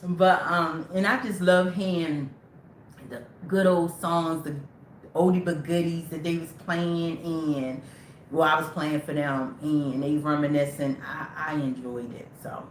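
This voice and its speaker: Woman livestream host with a lower voice, loose and rambling, addressing viewers directly, echoey room. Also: steady tone, a little slow, a little hiss or hum. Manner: rambling, talks straight to viewers. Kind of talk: casual livestream talk.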